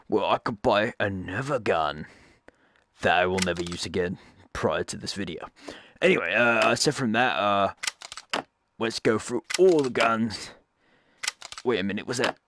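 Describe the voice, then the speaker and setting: A man's voice: fairly low pitch, background noise. A man giving casual gameplay commentary, rambling and joking, often cutting himself off to correct what he just said. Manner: rambling, jokey, self-correcting asides. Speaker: gaming YouTuber.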